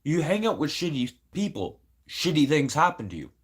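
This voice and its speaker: A man's voice: a little high, big pitch swings, normal speed, husky. An adult man venting casually to camera, blunt and rambling, swearing constantly and sounding aggrieved. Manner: emotional, aggrieved. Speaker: vlogger.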